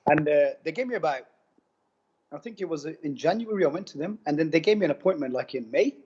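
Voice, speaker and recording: A man tells his own story in an interview, loose and slangy, circling back and repeating himself as he goes. His voice sits a little high for a man. The recording is muffled and lo-fi. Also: expressive, fast talker, darkish tone, husky. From United Kingdom. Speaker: interviewee giving a testimonial. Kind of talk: casual storytelling. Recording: dull lo-fi sound.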